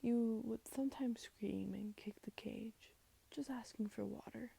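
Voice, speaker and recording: A woman voice actor telling a second-person story to the listener, softly whispered as a role-play. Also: on the high side, steady tone, measured pace, gravelly, breathy edge.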